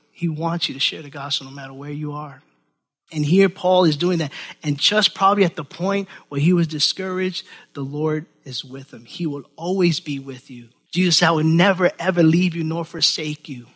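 A man preaching a sermon, animated, repeating words and acting out the voices of the people he quotes. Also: on the high side.

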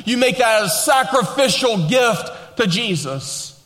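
A man preaching a sermon, emphatic, slowing down and rising to stress his points, and dropping lower and quieter to read scripture aloud. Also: animated, big-room sound. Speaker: pastor.

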